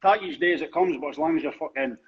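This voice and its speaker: A man's voice: fairly high pitch, fast talker, crowd noise. A Scottish man hosting a casual interview, giving short sweary reactions and laughing often. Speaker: podcast host. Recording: dull lo-fi sound.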